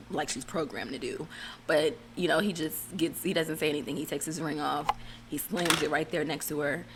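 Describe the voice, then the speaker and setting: Low-voiced, blunt woman vlogger. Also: fairly bright tone, a little hiss or hum. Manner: blunt, profane, rambling with fillers. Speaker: reality TV recap vlogger. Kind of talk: casual commentary.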